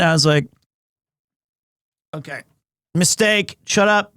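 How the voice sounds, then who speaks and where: A man in his forties, a streamer casually telling a story to his chat, animated, and acting out the people he quotes in funny voices. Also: high voice, normal speed, no room sound, studio quality. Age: 40s.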